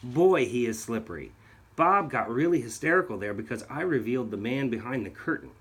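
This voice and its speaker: A man's voice: medium pitch, animated, a little fast, a bit bright, husky. A man narrating a video in an accusatory, sarcastic tone. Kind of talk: scripted narration.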